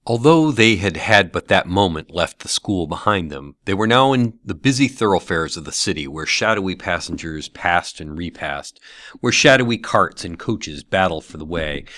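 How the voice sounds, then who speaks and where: A man reading a classic novel aloud as an audiobook, with expressive storytelling. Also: deep voice, no echo, clean studio sound. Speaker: narrator.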